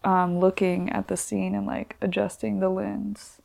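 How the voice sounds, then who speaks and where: A woman in her twenties, a podcast guest, chatting casually in relaxed, slangy talk full of "like". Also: medium pitch, a little slow, gravelly. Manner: relaxed, slangy, many "like" fillers. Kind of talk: casual chat.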